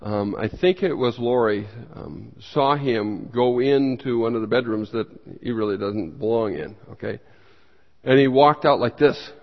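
A man preaching as a pastor, teaching a Bible study with emphatic bursts and questions that he puts to the room and then answers himself. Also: a little slow. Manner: emphatic, with sudden rises in pitch and loudness. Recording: dull sound with long hall reverb.

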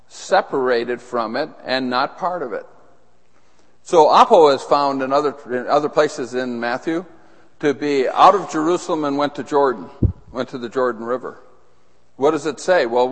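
A middle-aged male pastor teaches through a sermon, often stopping to put questions to the congregation. His voice sits a little high for a man. The sound carries the long reverb of a large hall. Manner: teaching, asks the audience questions.

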